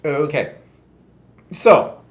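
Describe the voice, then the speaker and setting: A man's voice: on the high side, sing-song, very slow, roomy sound. A man co-hosting a live quilting stream, telling long rambling stories in a casual chatty way with many asides. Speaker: co-host of a live quilting show.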